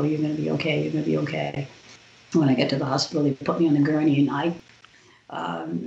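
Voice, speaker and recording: A woman, a podcast guest, telling a personal story in an animated way and acting out the other people's lines. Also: sits low. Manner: animated retelling with quoted voices. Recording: roomy, dull lo-fi sound.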